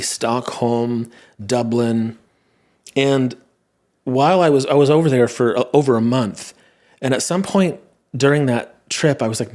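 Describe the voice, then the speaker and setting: A man's voice: mid-range voice, darkish tone. A man in his thirties hosting a podcast, musing aloud in a rambling, self-questioning way. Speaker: podcast host and comedian. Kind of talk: casual monologue.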